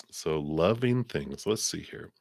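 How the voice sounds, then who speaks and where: Slow, deep-voiced middle-aged tarot reader. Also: male voice, gravelly, darkish tone, no room sound, clean studio sound. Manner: musing, chuckles often, repeats words while searching. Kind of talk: live tarot reading for a viewer.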